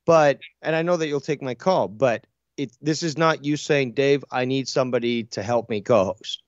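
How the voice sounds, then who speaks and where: A man's voice: medium pitch, normal speed, no room sound. A man co-hosts a live comedy show in loose, rambling banter, trailing off and restarting as he swears his way through each thought. His voice sits in a middle register. The audio is muffled and dry, with no room sound at all. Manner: rambling, profane, hesitant restarts. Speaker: co-host. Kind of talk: casual call-in show banter.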